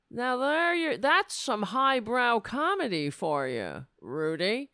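A woman's voice: fairly high pitch, big pitch swings, slow, a bit bright, smooth, dry recording, clean studio sound. A woman hosting political commentary, reading news excerpts and mocking them with sarcastic asides. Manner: reads news excerpts, then riffs on them.

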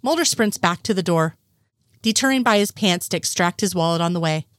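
A woman reading a story aloud, voicing the characters' dialogue with shifts in pitch. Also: lively intonation, brisk, no echo, studio quality. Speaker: reader. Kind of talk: audiobook reading of fan fiction.

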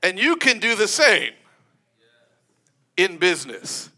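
A man preaching a sermon in an animated, emphatic way, often breaking into laughter. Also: sits high, slow pace.

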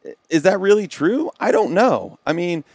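A man's voice: high voice, very animated, normal speed, a little mellow, slightly rough, no room sound. A man co-hosting a podcast, speaking in casual, earnest chat and acting out the people in his stories. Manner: earnest storyteller acting out quoted dialogue. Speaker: podcast co-host.

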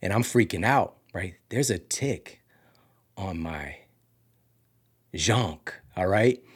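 A man from Missouri hosting a podcast, telling a story casually with big swings from loud to hushed. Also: sits low, expressive, slow, slightly rough. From Missouri, USA. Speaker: podcast host.

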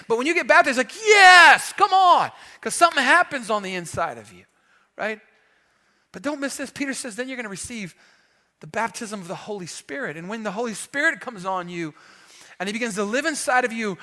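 A man preaching a sermon in a church, energetic and conversational, with emphatic bursts. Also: very high-pitched. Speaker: pastor. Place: church sanctuary.

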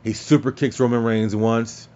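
A man hosting a podcast, recapping wrestling in casual, excitable talk, swearing freely and laughing at his own slips. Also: mid-range voice, normal speed, dull audio. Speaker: podcast host.

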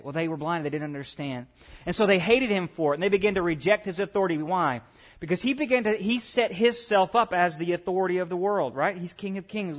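A man preaching a sermon as pastor, swinging between loud excitement and hushed tones, with chatty asides to the congregation. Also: on the high side. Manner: conversational asides and check-ins with the congregation.

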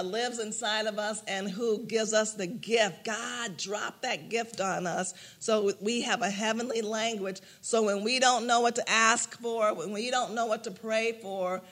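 An older man with a high, bright voice teaches about prayer like he is chatting with friends. He tells lively personal stories, acts out little bits of dialogue and breaks into laughter often. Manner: animated storyteller, laughs often, acts out quotes.

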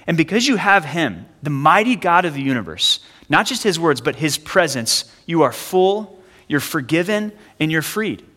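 A man in his thirties preaching a sermon as a pastor, casual and conversational, with frequent fillers and quick asides. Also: fairly high pitch, pushed and bright. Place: church sanctuary. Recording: long hall reverb.

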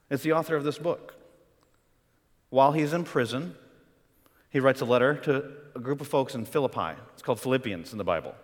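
A man preaching a sermon as pastor, conversational and animated, acting out quoted voices. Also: medium pitch, long reverb tail.

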